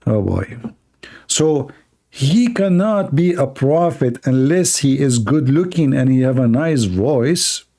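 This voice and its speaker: A man talks at a very slow, drawn-out pace in a dark, mellow voice. He hosts a live stream from a cold room at his computer, mocking what he reads with sarcastic asides and laughter. His voice is tired after hours of talking. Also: medium pitch, animated.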